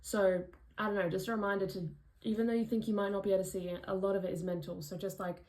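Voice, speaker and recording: A woman's voice: mid-range voice, little pitch movement, quick pace, darkish tone, rough recording. Chatty Australian woman vlogging. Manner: chatty, frequent "like" fillers, demonstrates vocal sounds. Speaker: vlogger, musical theatre singer. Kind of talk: casual vlog recap.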